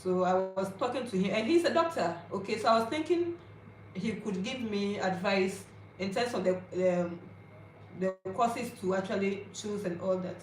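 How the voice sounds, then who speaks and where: Here the young Ghanaian-accented vlogger, in her twenties, sounds lively, her medium-pitched voice moving at a moderate pace as she chats confidingly to camera about her life and checks in with viewers. A little hiss or hum sits under a roomy echo and faint ambience.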